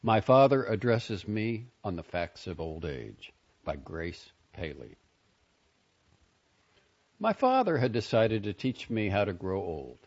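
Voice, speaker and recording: A man reading a story aloud for a reading service for the blind, expressive and lively. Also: on the low side, slow. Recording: dull lo-fi recording.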